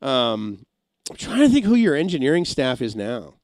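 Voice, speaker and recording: On a casual home livestream in Massachusetts, a middle-aged former radio engineer chats and tells long, rambling stories, slipping into brief comic impressions. His voice swings widely in pitch and has a darkish tone at a moderate pace. The sound is dry and close, with no room echo.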